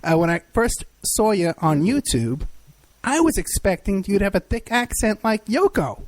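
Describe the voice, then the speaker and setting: A man's voice: sits high, sing-song, normal speed, dry recording. A man hosting an interview, eager and full of compliments, often restarting and laughing. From United States. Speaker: host. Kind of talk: casual interview.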